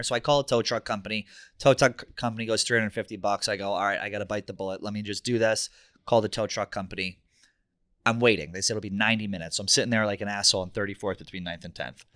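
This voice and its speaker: A man, a podcast co-host telling an animated, profane story in casual chat and acting out quotes. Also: lowish voice, quick pace, dry recording, studio quality.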